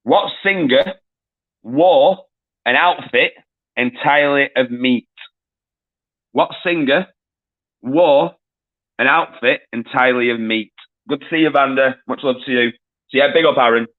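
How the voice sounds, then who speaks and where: A man's voice: medium pitch, measured pace, pauses often, narrow, tinny audio. Male quiz host on a live stream, casual and jokey, swears a lot, greets viewers by name.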